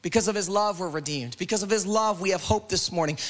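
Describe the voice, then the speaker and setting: High-voiced passionate preacher man. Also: fast, hardly any pauses, fairly bright tone. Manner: passionate, repetitive preaching cadence. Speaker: pastor. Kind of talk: sermon. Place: church service.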